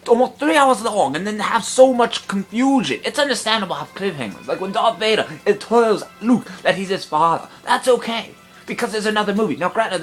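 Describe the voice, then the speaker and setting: Guy doing a stuffy posh-gent bit, grumbling about a movie, long-winded and huffy, faint music behind. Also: high-pitched. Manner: pompous, affected gentlemanly put-on voice. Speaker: movie reviewer. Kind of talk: comedic film review rant.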